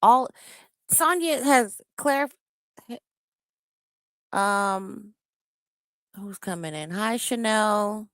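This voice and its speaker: A woman's voice: medium pitch, very slow, long pauses, smooth, dry recording, clean studio sound. Blunt, cussing woman streamer. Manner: blunt, cussing, greets chat viewers by name. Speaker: live-stream reaction host. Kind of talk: casual live-stream commentary.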